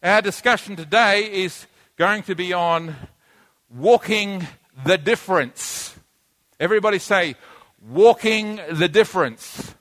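A man pastor teaching a sermon, slow and emphatic, repeating key words and drawing in his listeners. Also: sits high, sharp tone. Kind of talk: sermon with audience interaction.

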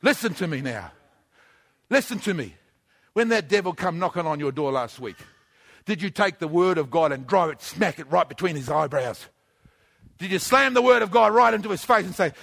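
A male preacher delivering an emphatic sermon, repeating phrases and often shouting. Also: sits high, gravelly.

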